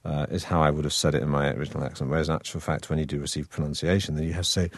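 Low-voiced northern English man, chatty. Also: quick pace, hardly any pauses, darkish tone, dry recording. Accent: northern English, softened toward received pronunciation. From Manchester, England. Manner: chatty and wry, with frequent fillers and restarts. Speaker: actor guest. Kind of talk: relaxed conversational interview.

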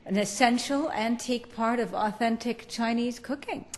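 A woman's voice: fairly high pitch, normal speed. A woman interviewer asking curious, chatty questions and reading items aloud. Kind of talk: conversational interview.

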